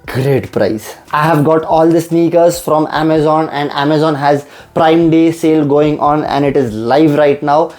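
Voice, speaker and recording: A man's voice: a little high, fairly even intonation, measured pace, few pauses, a little mellow, soft background music. A young man, eagerly unboxing and reviewing sneakers and often repeating how much he loves them. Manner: enthusiastic, repeats "I just love".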